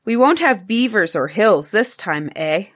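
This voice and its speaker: A woman's voice: mid-range voice, lively intonation, unhurried, a bit bright. A woman voicing a patient, playful cave-man father who explains things, in a storybook reading.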